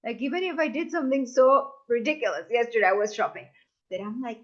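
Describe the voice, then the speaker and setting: A woman leading a live masterclass, talking warmly to her audience and acting out the voices people use on themselves. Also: a little high, fast, muffled recording. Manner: expressive, acts out inner voices, addresses audience as "you guys". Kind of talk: live online masterclass talk.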